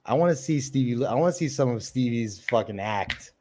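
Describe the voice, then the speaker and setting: A man's voice: medium pitch, lively intonation, brisk, mellow. A man hosting a casual livestream chat, rambling with lots of fillers. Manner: rambling, many ums and likes. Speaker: livestream host.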